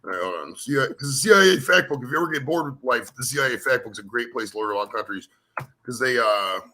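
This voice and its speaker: A man's voice: medium pitch, a little hiss or hum. An American man chatting casually and swearing now and then over a video call. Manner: animated, swearing, does quick accent impressions. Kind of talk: casual chat.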